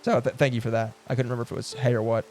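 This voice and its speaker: A man streaming a game live, chatting casually and excitably, swearing and laughing often, and cooing at the animals he meets. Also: mid-range voice, very fast, soft background music. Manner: coos affectionately at in-game animals. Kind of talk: casual live gameplay commentary.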